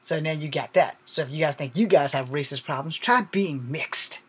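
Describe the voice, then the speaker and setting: A man's voice: on the high side, steady tone, fast talker, breathy edge. A man talking casually to his viewers in a blunt, rambling monologue, swearing freely and checking in with "all right?" asides. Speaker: video host.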